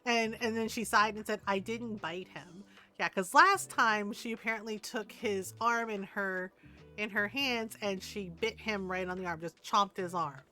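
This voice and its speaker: A woman's voice: medium pitch, fairly even intonation, moderate pace, bright, forceful tone. An older woman, a grandmother, chatting casually and telling stories while she streams a game, laughing often and asking "right?".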